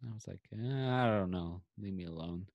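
In a casual podcast chat recorded at home on a video call, a low-voiced man animatedly recounts a conversation, playing both parties. He talks at normal speed. There's no room sound, but the highs are cut off.

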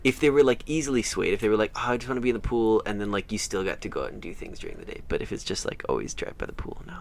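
Man, giggly rambling co-host, bouncy pitch, faint hiss behind. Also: lively intonation, rapid-fire, creaky. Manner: giggly, rambling, laughs often. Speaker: podcast co-host. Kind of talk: casual chat.

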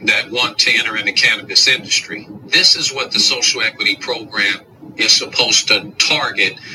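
A man's voice: medium pitch, bright, forceful tone, far from the mic, slight background noise, rough recording. A man who owns cannabis shops, speaking firmly in a documentary interview. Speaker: cannabis business owner.

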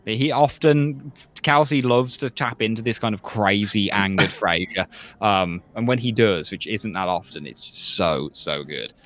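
A man co-hosting a podcast in casual chat, talking freely, laughing often and quoting lines with relish. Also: on the low side. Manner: chatty, laughs often, quotes lines in a lively voice. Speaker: podcast co-host.

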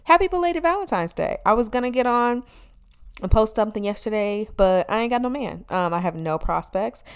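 Woman podcast host in her twenties, clear smooth voice, sassy comic solo rant, loose and profane. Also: fairly high pitch, a little fast. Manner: animated, sassy, swears freely. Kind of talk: casual comedic monologue.

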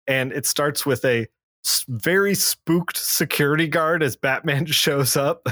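A man's voice: fairly bright tone, no echo. Podcast co-host, male, rambling plot recaps, dry close mic. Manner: recaps plots loosely with many fillers and restarts; acts out character lines in a lower voice. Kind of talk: casual comic book discussion.

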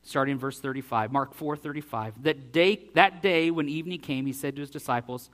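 A male pastor preaching a sermon and reading scripture aloud, acting out the dialogue with big swings in loudness. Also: mid-range voice, a little fast.

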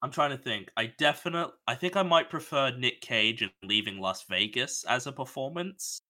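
A man's voice: medium pitch, animated, normal speed, bright, forceful tone. An Australian man co-hosting a podcast, rambling casually about films with restarts and swearing. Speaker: podcast co-host. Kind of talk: casual film chat.

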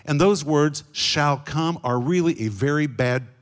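Emphatic male Bible teacher. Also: on the high side. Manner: emphatic, slows down to stress key words; explains Greek words and asks the audience questions. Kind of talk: sermon teaching.

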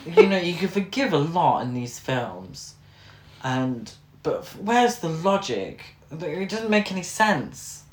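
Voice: mid-range voice, big pitch swings, unhurried, roomy sound. A co-host ranting with exasperation and plenty of swearing about plot holes in a film. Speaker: podcast co-host. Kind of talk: casual comedic chat.

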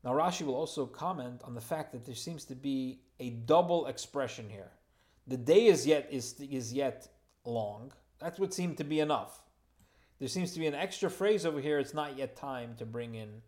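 A man teaching a Torah lesson at an ordinary middle pitch, working through the text verse by verse. He reads each Hebrew phrase, then translates it into plain English. He adds casual, lightly humorous asides along the way. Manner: informal asides and gentle humor.

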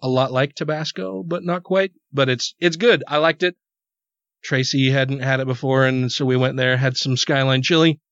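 A man's voice: mid-range voice, steady tone, moderate pace, fairly bright tone, no room sound. A man hosting a podcast, telling a rambling story in casual chat, cursing freely and repeating words when worked up. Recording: dull, dry podcast audio.

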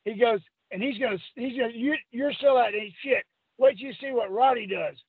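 A man's voice: very high voice, a little fast, husky, no echo. An older man, a former wrestler being interviewed, telling a long rambling story and laughing as he acts out what people said. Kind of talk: storytelling anecdote. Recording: phone-line audio.

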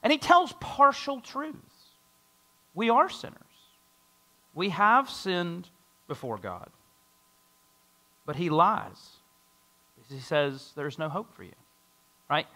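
Speaking slowly and pausing often, this high-voiced pastor delivers a sermon to a congregation. He reads from scripture and, in his lively style, acts out a doubter with a mocking, skeptical tone.

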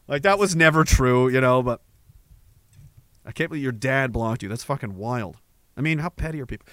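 A podcast host rants crudely and sarcastically in a casual livestream, reading out chat comments as he goes. His voice is a little high and a bit bright, fairly quick, with no room sound.

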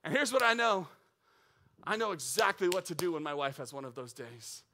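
A man in his thirties preaching a sermon, moving from calm teaching to excited, animated storytelling. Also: sits high, fairly quick, slight background noise. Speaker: pastor.

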